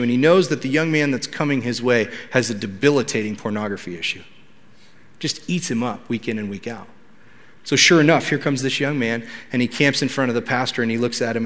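In a church hall with long reverb, a pastor preaches conversationally to his congregation, posing questions to them. His voice is medium-pitched and a bit bright.

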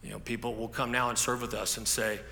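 Bright-voiced pastor preaching in an echoey hall. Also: male voice, mid-range voice, level tone, fast, gravelly, slight background noise. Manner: conversational storytelling with repeated restarts. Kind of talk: sermon. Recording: echoey hall with faint ambience.

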